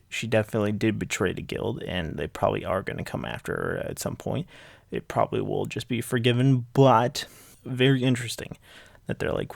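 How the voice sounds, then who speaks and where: A man's voice: on the low side, gravelly, no echo. A man giving a casual, rambling recap of a manga chapter, full of fillers and repeated enthusiasm.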